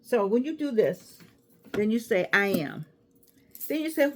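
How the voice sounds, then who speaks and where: Older woman vlogger, sassy and chatty, wanders off topic, bright higher voice that swings a lot. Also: sing-song, unhurried, husky. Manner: chatty, sassy, digressive, laughs easily. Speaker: vlogger giving life advice. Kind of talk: casual chat to camera.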